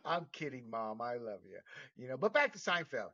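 A man's voice: medium pitch, sing-song, moderate pace, pauses often, fairly bright tone, breathy edge, distant mic, lo-fi sound. A man hosting a talk show, giving blunt opinionated commentary with laughs and restarts. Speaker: podcast host.

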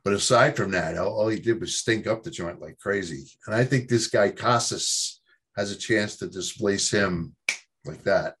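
A man's voice: fairly low pitch, normal speed, fairly bright tone, slight background noise. A man from New York, a podcast guest, rambling casually about baseball with many fillers and restarts. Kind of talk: casual sports chat.

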